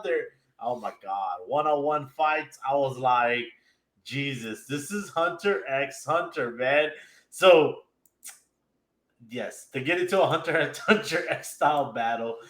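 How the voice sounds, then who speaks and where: A man's voice: a little high, animated, unhurried, a bit bright, roomy sound. A man casually recapping an anime episode, retelling scenes with laughs and little acted-out quotes. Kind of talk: casual chat.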